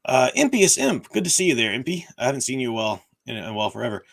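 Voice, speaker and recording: On a casual livestream about faith and fiction, a man answers viewer questions earnestly, explaining things and thinking aloud. His medium-pitched voice is creaky and a bit bright, with huge swings in pitch and a rapid-fire delivery. He sounds tired and strained.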